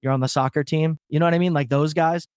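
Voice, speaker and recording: Cheerful, swearing man with a higher voice. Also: fast talker, smooth, dry recording, studio quality. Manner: animated, laughs often, swears freely. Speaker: podcast co-host; stand-up comedian. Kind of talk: casual comedic chat.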